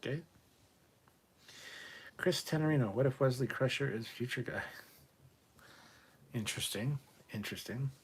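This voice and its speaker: A man's voice: medium pitch, normal speed, long pauses, a little hiss or hum. A man hosting a casual livestream, reading viewer comments aloud and answering them in an offhand, profane way. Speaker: livestream host reading chat. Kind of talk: casual live chat.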